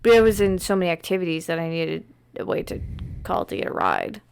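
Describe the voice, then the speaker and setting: A woman's voice: fairly low pitch, huge pitch swings, fairly quick, vocal fry, smooth. A woman in her thirties co-hosting a podcast, chatting casually and telling stories with plenty of "like" fillers. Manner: chatty storyteller, lots of "like" fillers. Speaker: podcast co-host. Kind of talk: casual chat.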